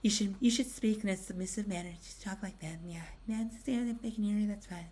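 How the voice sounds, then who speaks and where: A man mocking a meek hushed churchwoman. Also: high voice, fast, voice pushed up. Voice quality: soft, barely audible murmur.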